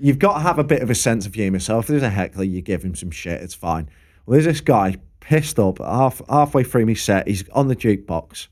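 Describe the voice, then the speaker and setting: A young man telling stories from his gigs in a casual podcast chat. He is animated and sweary, and he acts out the hecklers and bar staff he quotes. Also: fairly low pitch, a little fast. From England. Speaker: podcast co-host and gigging musician.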